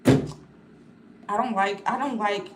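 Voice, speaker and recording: A woman's voice: mid-range voice, steady tone, extremely slow, slight background noise. A woman chatting casually on a livestream, rambling and talking straight to her viewers in a blunt, outspoken way.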